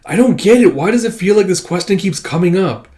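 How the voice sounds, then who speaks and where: An excitable young woman apprentice from a comic read aloud, her voice pushed well up and loud, as a man puts her on. She fires off breathless, eager questions. Her pitch sits high above a man's usual speaking voice. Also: fairly quick. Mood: playful.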